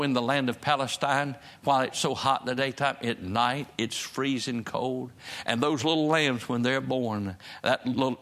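A man's voice: medium pitch, fairly bright tone. A man preaching a sermon in a folksy, conversational way, building to emphatic peaks and repeating his refrains. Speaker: pastor.

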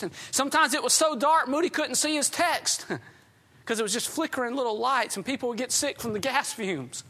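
A man's voice: extremely high pitch, pushed and bright. A man preaching a sermon in a folksy storytelling way, often chuckling as he talks.

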